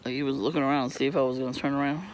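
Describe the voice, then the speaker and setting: A man ranting casually outdoors on a residential street, profane and irritated, coughing and clearing his throat from asthma while he laughs often. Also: mid-range voice, flat delivery, rapid-fire, a little hiss or hum. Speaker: vlogger. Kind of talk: rambling casual monologue.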